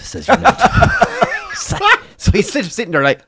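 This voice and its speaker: A man's voice: medium pitch, huge pitch swings, normal speed, fairly bright tone, no room sound. An Irish man co-hosting a football watchalong, telling a long swearing pub story and acting out the people in it. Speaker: watchalong co-host.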